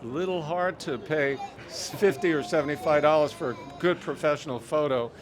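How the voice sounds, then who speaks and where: A man's voice: on the high side, moderate pace, music in the background. An older man, a longtime collector, answering interview questions in a reflective way. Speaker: mineral collector guest. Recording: busy crowd noise behind. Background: crowd chatter.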